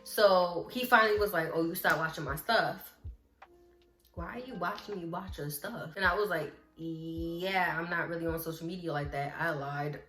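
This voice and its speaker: A woman vlogger telling a story in casual chat, lively, acting out what people said and talking straight to her viewers. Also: on the low side, moderate pace. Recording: roomy echo with faint music.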